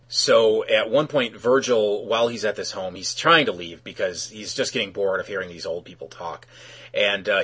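A man casually recapping a cartoon episode in a conversational, halting way, with fillers and asides. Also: lowish voice, pushed and bright, husky.

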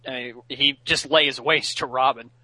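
A man co-hosting a podcast who calmly walks through an episode's plot in casual chat, carefully correcting details. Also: mid-range voice, unhurried, no room sound, rough recording. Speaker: podcast co-host.

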